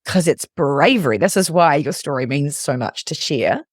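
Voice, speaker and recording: A man's voice: fairly high pitch, animated, moderate pace, breathy edge, no echo, studio quality. A man hosting a podcast interview, speaking in an affirming, reflective way and often restarting his phrases. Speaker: podcast host.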